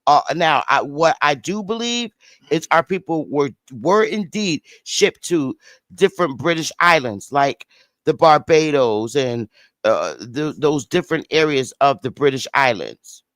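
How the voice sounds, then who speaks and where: A man's voice: on the high side, animated, measured pace, a bit bright, no echo, studio quality. A man in a heated casual debate, stressing his points and often restarting his sentences. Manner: emphatic, repeats points, stumbles and restarts. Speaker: podcast panelist.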